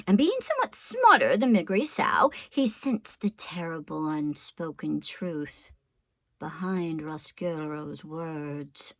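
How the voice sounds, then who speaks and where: A woman teacher reading a storybook aloud to her class, in an expressive, unhurried way. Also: low voice, no echo.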